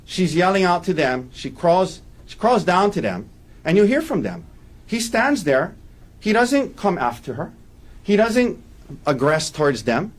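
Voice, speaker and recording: Emphatic male defense attorney, lively voice. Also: high-pitched, a little slow. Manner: emphatic, repeats key points for weight. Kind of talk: courtroom opening statement. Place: courtroom.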